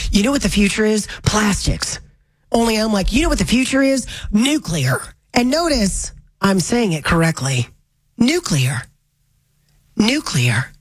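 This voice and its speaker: A woman's voice: medium pitch, rough recording. A woman hosting a talk radio show, giving an opinionated monologue with wry, sarcastic asides and a voice a bit strained from smoke.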